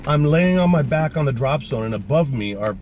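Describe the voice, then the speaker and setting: A man with a mid-range voice tells a rambling, profane story about his paratrooper days, dropping "man" and "you know" often. He talks casually from inside a car. Steady vehicle noise runs clearly under the recording. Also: mid-range voice, a little fast. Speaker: vlogger, former paratrooper.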